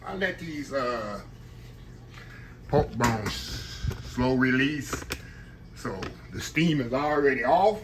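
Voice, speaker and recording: A man from Texas with a Southern Texan accent hosts a casual home cooking vlog from his kitchen, chatting folksily and calling viewers y'all. His medium-pitched voice is animated yet slow, with frequent pauses, against a noisy background.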